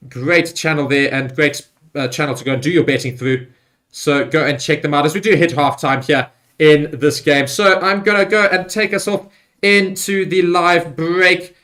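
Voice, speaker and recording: A man hosting a live rugby watchalong, talking loosely with many fillers and getting excited on big plays. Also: on the high side. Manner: rambling with fillers and restarts. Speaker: livestream host. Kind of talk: live match watchalong commentary.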